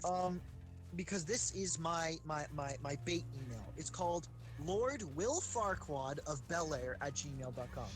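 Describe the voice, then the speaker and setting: A man's voice: on the high side, unhurried, low-quality recording. A young man casually telling profane, rambling stories while playing a game, acting out the people in them. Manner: rambling, profane, animated, does silly voices in stories. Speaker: gaming streamer. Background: game music.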